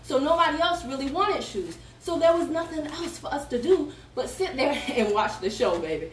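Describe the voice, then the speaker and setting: At a moderate pace, a high-voiced fitness coach talks breathlessly through a live social-media story while working out, hoping to recruit people to her team. She laughs often, addresses viewers as "y'all," and stays animated and chatty. The sound has roomy echo, faint noise, and a distant mic.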